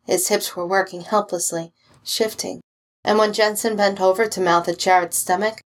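A woman reading fan fiction aloud with steady, expressive storytelling. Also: medium pitch, normal speed. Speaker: reader.

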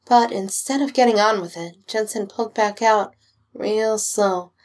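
A woman reading fan fiction aloud with steady, expressive storytelling. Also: mid-range voice, measured pace. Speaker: reader.

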